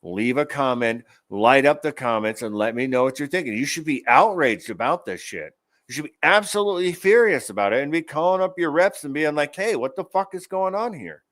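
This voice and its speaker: A man's voice: mid-range voice, lively intonation, brisk, fairly bright tone, no room sound. Profane ranting male commentary host. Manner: profane, angry, sarcastic. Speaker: show host. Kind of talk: ranting commentary on news clips.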